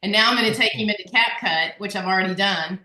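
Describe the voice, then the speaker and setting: A woman's voice: mid-range voice, fast, bright, forceful tone, echoey room. A woman hosting a casual group video call, chatty and upbeat, laughing often. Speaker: workshop host.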